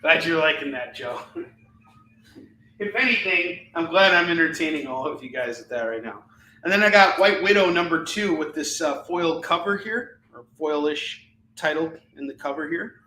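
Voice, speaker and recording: A man with a high, very bright, cutting voice hosts a live comic-selling stream, ranting in an animated way and laughing often. He sounds like he is in an echoey indoor room. A faint hum sits behind him. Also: moderate pace, recorded from a distance. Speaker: live shopping show host selling comics. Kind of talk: live-stream sales chat and rant.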